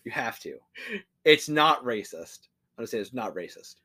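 A young man talking loosely on a podcast, his voice sitting at an everyday middle pitch. He rambles, restarts his sentences and swears offhandedly, like he's hanging out with a friend. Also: big pitch swings, moderate pace, pushed and bright, slightly rough. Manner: rambling, swears casually, frequent fillers and restarts. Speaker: podcast co-host. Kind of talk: casual chat.

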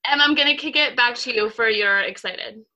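Young woman gabbing on a video call podcast, bright voice, bubbly and rambly. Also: on the high side, brisk. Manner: chatty, upbeat, lots of fillers. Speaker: podcast co-host. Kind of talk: casual chat.

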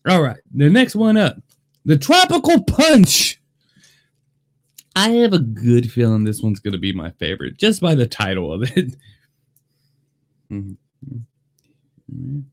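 A man chatting excitedly in a casual taste-test vlog, talking to his viewers. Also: medium pitch. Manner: excitable, chatty, lively delivery. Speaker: vlogger. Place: Las Vegas.

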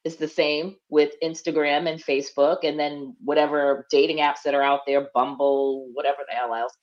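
A woman's voice: deep voice, level tone, moderate pace, muffled recording. A woman co-hosting a casual chat, frank and blunt as she tells stories. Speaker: podcast co-host.

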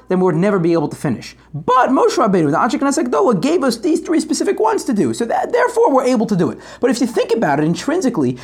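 Quick-talking man teaching Talmud. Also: fairly high pitch. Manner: quick, energetic, reads Aramaic then translates. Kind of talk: daily Talmud class.

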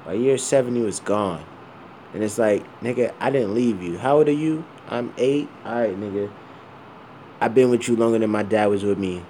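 A man's voice: on the low side, normal speed, warm tone, slight background noise. A man of around forty talking bluntly and with plenty of swearing in a rambling personal monologue, full of fillers and repeated asides.

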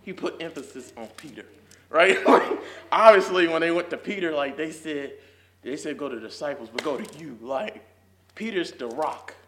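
A man's voice: on the high side, normal speed, a little hiss or hum. A young man teaching a casual Sunday school Bible lesson, talking in slang with lots of "like"s and growing fervent as he goes. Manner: fervent, builds to near shouting, laughs often; casual slangy talk with many "like"s. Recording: echoey room.

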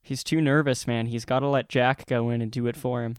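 Laid-back young man, smooth voice. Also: medium pitch, little pitch movement, fairly quick, no room sound, studio quality. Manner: laid-back, wry, says dude. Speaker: co-host. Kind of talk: casual movie reaction chat.

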